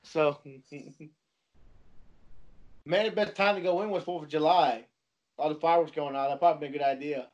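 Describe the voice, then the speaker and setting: High-voiced rambling man, lo-fi. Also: moderate pace, pauses often, a little mellow. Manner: rambling storyteller, quotes people, laughs a lot. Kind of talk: casual chat.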